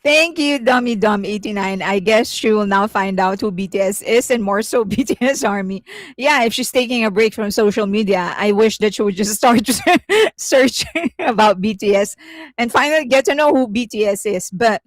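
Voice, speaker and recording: In a dry recording, a female content creator speaks at medium pitch and moderate pace, offering her viewers relaxed commentary. She chats on, repeats herself, fills pauses constantly, and frequently laughs.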